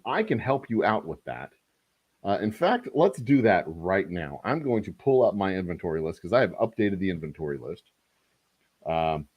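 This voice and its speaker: A man's voice: fairly low pitch, darkish tone, dry recording. A man, hosting a casual distillery livestream and chatting to viewers with rambling, joking asides. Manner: rambling, talks to chat, self-deprecating jokes.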